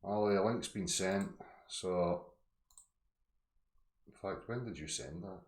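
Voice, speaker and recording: A Scottish man hosting a livestream, chatting casually and ranting loudly with constant swearing. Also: low voice, slow, reverberant. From Scotland. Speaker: livestream host.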